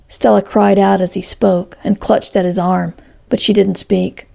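Woman, story narrator, steady measured reading, heavily gravelly voice, mellow dark tone. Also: mid-range voice.

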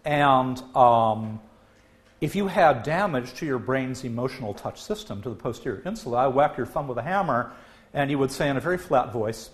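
A man giving a public science lecture as a professor, talking in an animated way with frequent filler "uh". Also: medium pitch, normal speed. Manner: lively, animated delivery, acts out quoted voices.

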